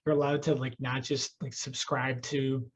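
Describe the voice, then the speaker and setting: A man's voice: mid-range voice, little pitch movement, moderate pace, slight background noise, rough recording. A man hosting a podcast, chatting casually, joking and swearing, rambling with restarts. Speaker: podcast host.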